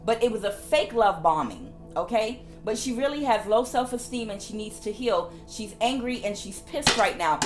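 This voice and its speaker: A woman's voice: on the high side, lively intonation, normal speed, hardly any pauses, music in the background. A woman tarot reader giving a casual spiritual reading, repeating her phrases for emphasis.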